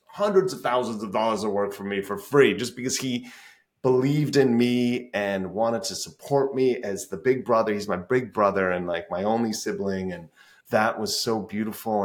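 Lively low-voiced man telling stories. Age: 40s. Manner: animated, swears freely, acts out his own past thoughts. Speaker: music therapist and guest. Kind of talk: casual interview. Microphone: podcast call.

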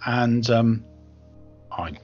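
Guy putting on a huge cocky muscleman, loud and bragging, kinda lo-fi call sound. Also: medium pitch, very slow, faint music behind. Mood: boastful. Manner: loud, brash greeting, bragging. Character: very large boastful muscly man, cheerfully cocky.

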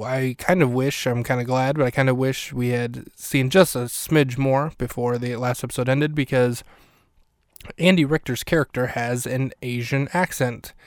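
A man's voice: mid-range voice, clean tone, dry recording, clean studio sound. A man hosting a podcast, recapping an episode in a chatty, wry way with lots of fillers and restarts. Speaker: podcast host. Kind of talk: casual solo recap commentary.

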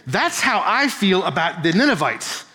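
Man playing God, patient pleading tone, repeated questions, higher voice, long hall reverb. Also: big pitch swings, normal speed, sharp tone, full character voice. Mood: impassioned, pleading. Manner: pleading, repetitive, addresses listener by name. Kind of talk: sermon retelling in character.

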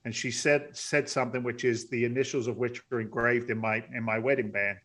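A middle-aged man, a podcast guest, telling his life story earnestly, close to tears, breaking into loud excited bursts. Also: mid-range voice, fairly quick. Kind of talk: emotional storytelling interview.

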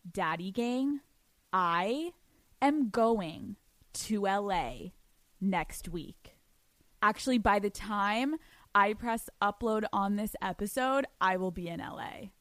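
A young woman hosting a podcast, telling a story in a casual, animated way, swearing freely and laughing often. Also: medium pitch, slow, no echo. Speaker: podcast host.

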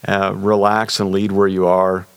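A man's voice: deep voice, completely flat delivery, unhurried, smooth. A man hosting a podcast, affirming his guest and encouraging listeners. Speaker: podcast host.

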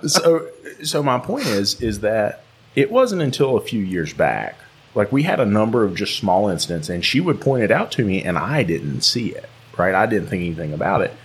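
A man's voice: on the low side, very animated, moderate pace, breathy edge. A man with a Southern US drawl hosting a podcast, talking earnestly with frequent restarts. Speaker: podcast host. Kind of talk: casual podcast chat.

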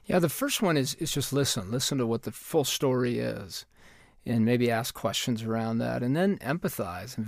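Gravelly-voiced man giving calm advice. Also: mid-range voice, no echo, studio quality. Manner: calm, instructive, methodical. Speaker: parenting expert.

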